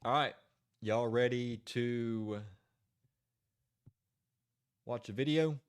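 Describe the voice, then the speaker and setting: A man's voice: medium pitch, very slow, clear, resonant tone, no room sound, studio quality. A man hosting a casual livestream, chatty and giggly, stalling and restarting between laughs. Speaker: livestream host.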